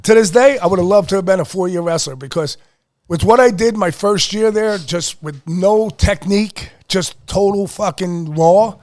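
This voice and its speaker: A middle-aged man from Pennsylvania hosting a podcast, telling a story in a casual, animated, profane way and acting out what people said. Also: high-pitched, normal speed. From Lehigh Valley, Pennsylvania. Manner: animated, profane storyteller who acts out quotes. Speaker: podcast host.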